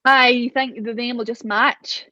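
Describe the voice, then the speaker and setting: Woman guest, chatty storyteller, fairly high pitch, dull close recording. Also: fairly even intonation, a little slow, bright, forceful tone, no echo. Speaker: podcast guest, business owner. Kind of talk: casual chat.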